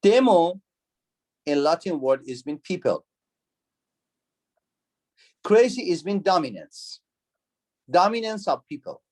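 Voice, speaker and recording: A man's voice: sits high, big pitch swings, slow pace, long pauses, darkish tone. A man teaching an online university class. He repeats key words, asks the students questions, and speaks with non-native phrasing. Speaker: university lecturer. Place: video call.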